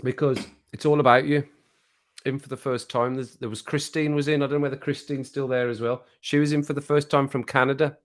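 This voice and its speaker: A man's voice: mid-range voice, level tone, fairly quick. A man with a Black Country accent hosting a casual livestream chat, rambling and chatty and laughing often. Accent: Black Country English. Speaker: livestream host.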